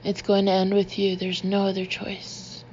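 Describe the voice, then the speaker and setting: A woman's voice: medium pitch, completely flat delivery, moderate pace, a little mellow, muffled recording, a little hiss or hum, lightly acted. A woman voicing an insistent Southern mother. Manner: pleading, emphatic. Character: middle-aged mother, fervent and insistent.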